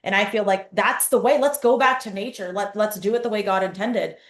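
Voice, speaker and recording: A woman guest telling stories in a casual interview over a video call, acting out her own quotes with lively energy. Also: medium pitch, a little fast. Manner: animated storyteller, acts out her own quotes. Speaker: guest, company founder. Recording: roomy echoey sound.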